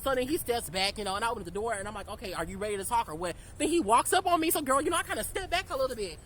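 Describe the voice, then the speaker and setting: A young man telling a storytime about a fight in a profane, sassy, animated rant. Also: very high voice, very fast, heavy background noise. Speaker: storytime vlogger.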